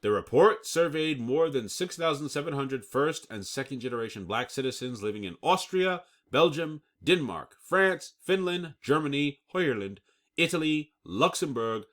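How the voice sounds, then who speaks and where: A man's voice: on the high side, big pitch swings, normal speed, a bit bright. A man hosting his own channel, reading out news reports and commenting on them emphatically, often checking in with "okay?" and laughing off his own stumbles. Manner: stumbles over words and laughs at himself. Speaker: channel host.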